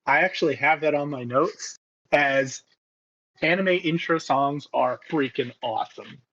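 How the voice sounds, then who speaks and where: Male podcast panelist, slightly high, dry joker, dull lo-fi sound. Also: a little slow, fairly bright tone. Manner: dry jokes, swears. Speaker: podcast co-host. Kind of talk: casual podcast chat.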